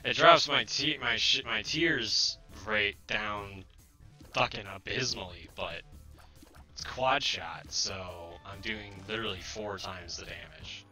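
Worn out gamer guy swearing at his run, slow talk, bright edgy voice. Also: fairly low pitch, faint music behind. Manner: frustrated, swearing at the game. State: tired. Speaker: streamer. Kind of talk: live gameplay commentary.

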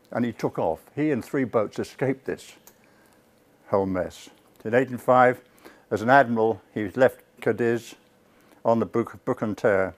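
Man telling history to a live audience. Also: fairly low pitch. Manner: lively storytelling with asides to the audience; self-corrects and restarts words. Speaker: lecturer. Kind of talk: public history lecture. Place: lecture room before a live audience.

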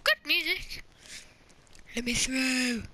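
A woman's voice: sits high, slow, bright, forceful tone. A woman commenting while playing a horror game, chatty and joking, with shrieks at scares. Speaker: gamer. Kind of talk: let's play commentary.

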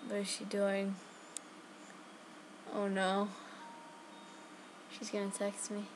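A woman giving chatty, excitable live commentary on her own game, talking straight to her viewers. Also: mid-range voice, slow, noisy background. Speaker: gaming channel host.

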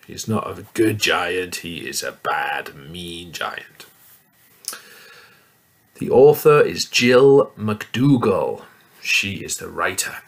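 Male teacher, reading picture books to young kids, very slow, lively sing-song pitch. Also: creaky. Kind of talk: reading a lesson to young children.

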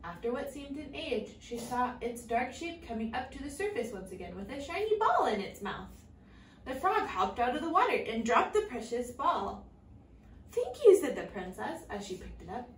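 Teacher lady reading a picture book to little kids, patient and encouraging, slightly high voice, echoey room, mic far off. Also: sing-song, normal speed, a little hiss or hum. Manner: patient, encouraging, asks simple questions. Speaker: English teacher. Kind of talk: reading a storybook aloud to young learners. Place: classroom with young children.

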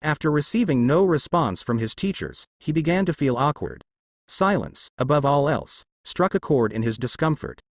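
A man narrating a fan fiction story in an expressive storytelling manner. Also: on the high side, normal speed, dry recording.

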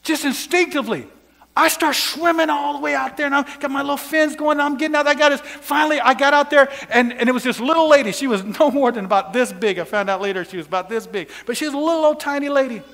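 High-voiced preacher man in a reverberant hall. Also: quick pace. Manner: storytelling, bursts into shouts and laughs. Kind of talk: sermon with personal story.

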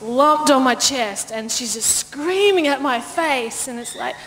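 A woman pastor telling a lively personal story in a sermon, laughing often and acting out the voices of the people in it. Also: high-pitched, measured pace. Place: church auditorium. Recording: long church-hall reverb, faint noise.

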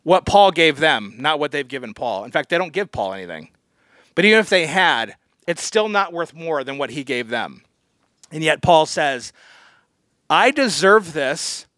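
A man delivers a sermon as pastor, his voice sitting a little higher than most men's. He talks to the congregation conversationally, then presses hard on his key points. The sound is dry and close, with no room echo. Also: sing-song, moderate pace, fairly bright tone. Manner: conversational, earnest preaching with sudden emphatic pushes. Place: church.

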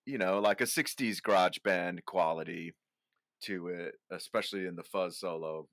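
A man, a guest musician on a podcast, telling a story about recording in an animated way, laughing easily and stammering. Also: low-pitched, normal speed, no room sound, studio quality. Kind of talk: casual conversation about music.

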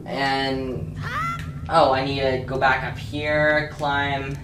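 In an echoey room with game music underneath and some background noise, a woman does casual let's play commentary. She talks to herself unhurriedly in a low voice, breaking into sudden excited yelps.

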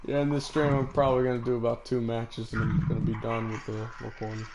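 A man's voice: mid-range voice, monotone, fast talker. A man streaming an online shooter match, chatting casually with a friend, boastful and full of joking trash talk. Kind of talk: casual gameplay chat. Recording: clear background noise.

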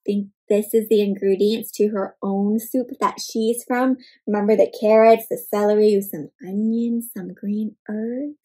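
A woman reading a picture book aloud to children, animated and often asking her young listeners questions. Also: medium pitch, a little slow, few pauses, husky. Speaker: children's storyteller. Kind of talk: interactive read-aloud for kids.

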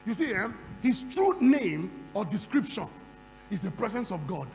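A man preaching a sermon at a conference, moving from quiet storytelling to loud shouting. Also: high voice, big pitch swings, normal speed. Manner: acts out dialogue in a conversational storytelling voice. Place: large conference hall. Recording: reverberant hall with faint hum.

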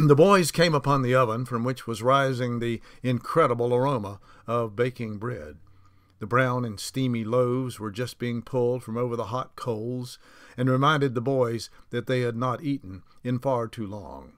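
A man narrating a novel aloud, reading unhurried with small slips and restarts. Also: medium pitch, a bit bright, no room sound, clean studio sound. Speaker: audiobook narrator.

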